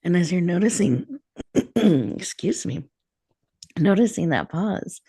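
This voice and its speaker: A woman radio host leading a guided breathing meditation in a slow, soothing, inviting way before she welcomes a guest. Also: fairly low pitch, sing-song, dark tone, slightly rough, dry recording, studio quality.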